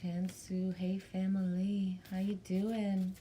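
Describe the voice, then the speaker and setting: A woman's voice: mid-range voice, fairly even intonation, a little slow, darkish tone. Bubbly Canadian woman chatting live. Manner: bubbly, chatty, greets viewers by name, swears casually. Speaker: livestream host reading chat. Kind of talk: casual live chat.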